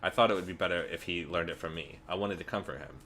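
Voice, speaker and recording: A man quietly reading aloud the lines of a cryptic girl changeling in a game. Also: low-pitched, quick pace, slight background noise.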